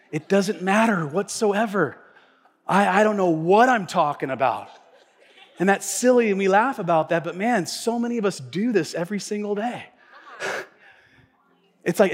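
A man preaching a sermon as pastor, telling stories with animation and swinging between loud, emphatic lines and hushed ones. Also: high voice, long reverb tail. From United States. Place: church sanctuary.

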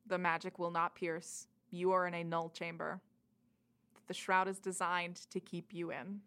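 A woman narrating a tabletop game as game master, in a calm, matter-of-fact way. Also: mid-range voice.

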